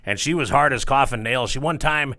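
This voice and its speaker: Quick bright-voiced guy, swears a lot, rambly stories on a podcast. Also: mid-range voice. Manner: profane, rambling storyteller. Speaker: strip club DJ. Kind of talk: casual podcast chat.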